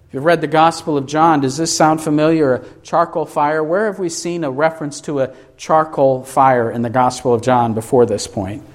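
A male preacher with a fairly high voice who takes his time over every phrase. He asks his congregation rhetorical questions and answers them himself. His delivery is emphatic and deliberate. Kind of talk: sermon.

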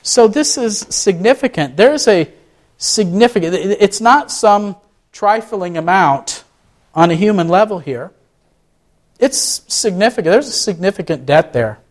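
A man's voice: sits high, animated, measured pace. A man giving a conversational sermon, asking the listeners rhetorical questions and often restarting his phrases. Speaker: pastor.

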